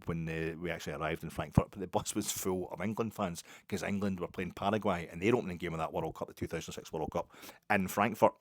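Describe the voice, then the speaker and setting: A Scottish man telling a rambling football story in a casual, animated way. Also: low voice, fast talker, dry recording, clean studio sound. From Scotland. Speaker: podcast host.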